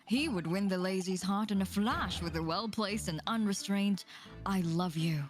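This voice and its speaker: A woman reading as a prim Victorian know-it-all from a story game, in a lecturing voice of middling pitch, with soft music behind. The delivery is formal and lofty. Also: normal speed, natural voice.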